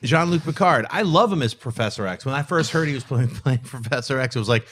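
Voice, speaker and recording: Animated jokey male co-host. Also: medium pitch, fast, husky. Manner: animated, jokey, breaks into goofy put-on voices. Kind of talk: casual panel chat.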